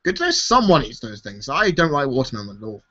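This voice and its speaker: A man's voice: mid-range voice, huge pitch swings, quick pace, a bit bright. A tired man hosting a live-stream Q&A, chatting casually, swearing freely and laughing often. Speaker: YouTube host answering viewer questions. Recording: dull lo-fi stream audio.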